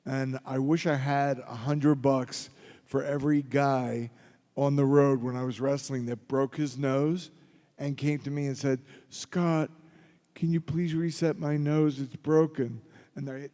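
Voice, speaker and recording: Middle-aged man, convention panel guest, dark mellow tone, loose storytelling to a crowd, heard with long hall reverb. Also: mid-range voice, little pitch movement, measured pace. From Philadelphia. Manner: gruff, joking anecdotes addressed to the crowd. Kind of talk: audience Q&A storytelling.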